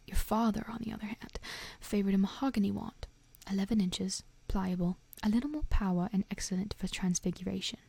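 A woman voicing a soft-spoken, eerie old male wandmaker in a hushed, breathy whisper in a storybook reading. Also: mid-range voice, moderate pace, hardly any pauses, dry recording. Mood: hushed, wistful.

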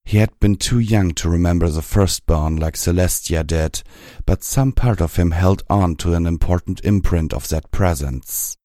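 A man reading fan fiction aloud in a measured, even storytelling manner. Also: low voice, dry recording, clean studio sound. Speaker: audiobook reader.

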